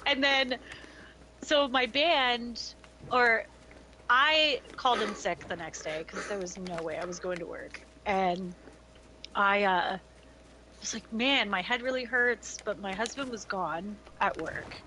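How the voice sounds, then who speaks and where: A middle-aged woman streaming a game, chatting casually with friends and telling animated stories with acted-out quotes and frequent laughter. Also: medium pitch, slow, a little hiss or hum, low-quality recording. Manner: animated storyteller, acts out quoted voices, laughs often. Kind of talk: casual gaming chat storytelling.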